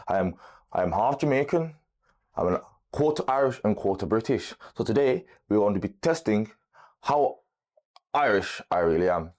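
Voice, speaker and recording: A man hosting a joking quiz vlog, energetic and tripping over his words, with light music behind. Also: lowish voice. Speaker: vlogger.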